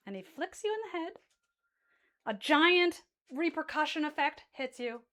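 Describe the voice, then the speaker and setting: A woman's voice: high voice, sing-song, normal speed, bright, forceful tone. A woman narrating as game master in casual, loose chat, swearing freely and correcting herself mid-sentence.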